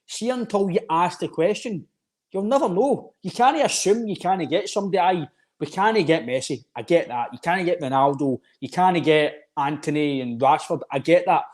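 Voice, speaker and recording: A Scottish man co-hosting a football podcast, talking in an animated, opinionated way and pushing his point over the other speaker. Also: a little high, normal speed. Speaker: podcast co-host. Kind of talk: casual football chat.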